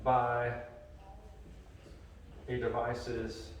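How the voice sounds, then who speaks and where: A man's voice: mid-range voice, monotone, drawn-out words, a little hiss or hum. A male computer science teacher giving a casual, conversational classroom lecture with many fillers. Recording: echoey classroom from far off.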